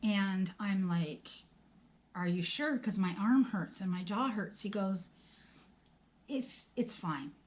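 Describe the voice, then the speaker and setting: A woman in her forties, a vlogger, talks slowly to the camera at a medium pitch, telling her own story in plain, conversational language. She acts out what people said and sometimes drops to a whisper.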